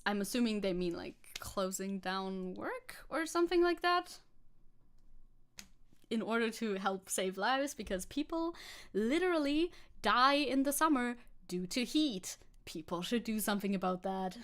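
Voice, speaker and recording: A woman with a fairly high voice comments on posts during a live stream. Her tone is sarcastic. She laughs often and trails off into restarts as she rambles. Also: animated, moderate pace. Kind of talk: casual commentary reading posts.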